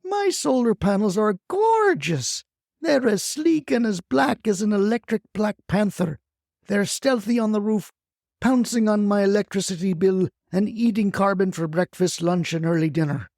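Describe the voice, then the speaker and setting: A woman's voice: medium pitch, animated, normal speed, a little mellow, dry recording, studio quality, natural voice. A performer voicing a feisty retired grandmother who rants bluntly and swears as a crusader for solar panels. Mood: indignant. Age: older. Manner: brash, scolding, blunt swearing. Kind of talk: comic audio storytelling.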